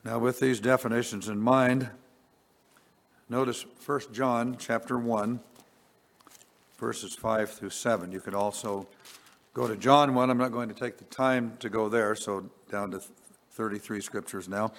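Slow-preaching man in a reverberant space. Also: mid-range voice. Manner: slow, deliberate, swells on scripture then drops quiet. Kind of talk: sermon. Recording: long reverb.

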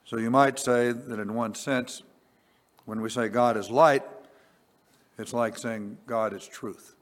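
Slow-preaching man in a reverberant space. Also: medium pitch, steady tone. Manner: slow, deliberate, swells on scripture then drops quiet. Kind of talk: sermon. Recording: long reverb.

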